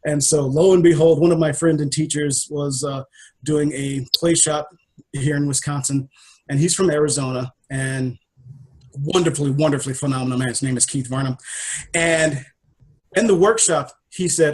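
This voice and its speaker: Man guest, higher voice, expressive, emotional storyteller who acts out scenes. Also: moderate pace. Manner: animated and emotional, acts out his own dialogue. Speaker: life coach and interview guest. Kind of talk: personal storytelling in a conversation.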